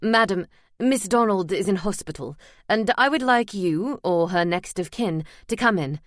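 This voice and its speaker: A woman's voice: medium pitch, lively intonation, moderate pace, no room sound, clean studio sound, close to an everyday voice. A woman voicing a polite, official man calling from a hospital, in a storybook. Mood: formal. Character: formal male hospital caller on phone.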